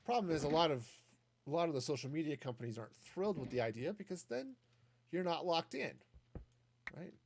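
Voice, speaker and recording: A man's voice: fairly high pitch, expressive, a little fast. A man streaming a game, chatting casually and thinking aloud with many restarts. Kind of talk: casual commentary while gaming.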